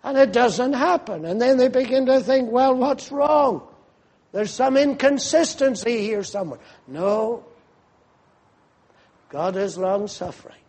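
A man preaching a fervent sermon, slow and emphatic, rising to loud cries when quoting pleas to God. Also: extremely high pitch.

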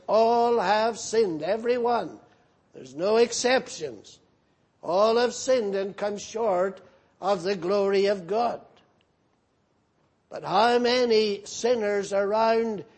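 A man preaching an evening sermon, earnest and solemn, swinging from emphatic lines to hushed ones. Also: high voice.

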